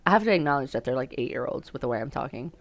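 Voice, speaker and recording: This young woman's bass voice races along with lively intonation as she streams a dating sim. Reading the game's text aloud, she riffs on it casually and mocks herself, laughing frequently throughout the let's-play.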